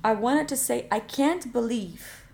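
A woman's voice: fairly high pitch, unhurried, gravelly, darkish tone. A woman co-hosting a podcast as a language learner, chatty and teasing in a casual lesson chat.

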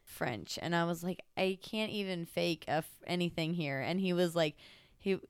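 A woman's voice: on the low side, normal speed, clear, resonant tone, no room sound. A woman guest on a podcast, chatting animatedly and often trailing off and restarting. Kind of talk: casual chat.

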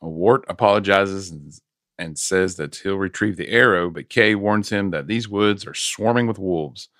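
A man's voice: low voice, measured pace, no echo, clean studio sound. A man casually retelling a film's plot on a podcast, with many fillers and small laughs. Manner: relaxed recapping with fillers and laughs. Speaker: podcast host. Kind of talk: casual film recap.

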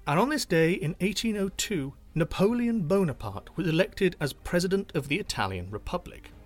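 A man's voice: sits high, animated, normal speed, soft background music. A man hosting a history podcast, reading a scripted outro in a dry, wry manner. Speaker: podcast host.

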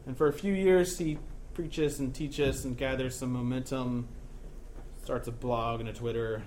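A man's voice: medium pitch, steady tone, a little slow, a little mellow, a little hiss or hum. A male pastor giving a conversational sermon, joking often and checking in with his listeners.

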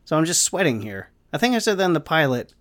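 Casual male podcast host doing a solo rant; animated delivery, lots of pitch movement, rambling. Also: fast talker. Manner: rambling, animated, swearing, self-deprecating. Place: home room with the fan off.

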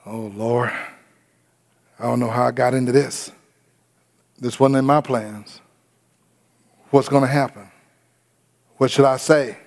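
A man preaching voices an anxious young bride, muttering her worried thoughts quietly and low. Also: fairly even intonation, takes it slowly, vocal fry, pauses often.

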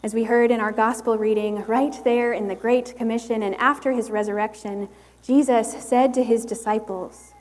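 A woman preaching a sermon in a slow, measured, reflective way. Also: a little high, steady tone, a little mellow, big-room sound.

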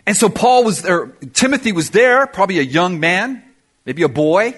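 A man preaching a sermon to his church congregation, energetic and emphatic, with punchy exclamations. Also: high voice, normal speed. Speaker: pastor. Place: church service before a congregation.

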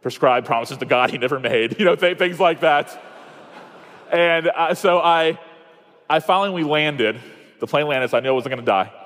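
A man from Iowa preaches at a conference in a chatty, self-mocking storytelling way, full of quick asides and restarts. His voice sits a little high for a man. A long reverb from the large hall trails after each phrase. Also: fairly bright tone. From Iowa, USA. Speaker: conference speaker. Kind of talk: storytelling sermon.

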